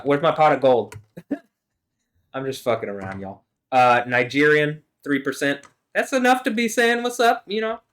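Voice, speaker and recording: Rambling, profane man vlogging alone. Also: mid-range voice. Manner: rambling, profane, swings between mumbling and loud laughing. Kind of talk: rambling monologue.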